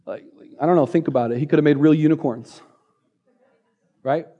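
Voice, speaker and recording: A man preaching a sermon on a church stage, playful and energetic, joking and repeating key phrases. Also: on the high side, brisk, narrow, tinny audio. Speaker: pastor.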